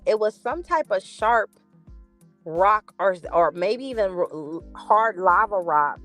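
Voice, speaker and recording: A woman from the Los Angeles area tells a story in a loose, chatty way, animated and laughing as she acts out both sides of the dialogue. Her voice sits a little high for a woman. Faint music plays softly underneath. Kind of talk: casual storytelling chat.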